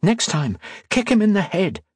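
A man doing a commanding high-voiced young woman. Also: very animated, normal speed, husky, dry recording, studio quality, heavily acted. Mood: brisk. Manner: urgent, commanding. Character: young determined woman adventurer.

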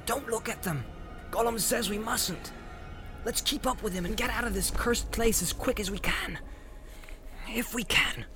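A man's voice: high-pitched, unhurried, over music, voice pushed up. A man voicing a loyal, plain-spoken young companion in an audiobook, talking in an earnest, urgent way. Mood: urging. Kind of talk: audiobook character voice.

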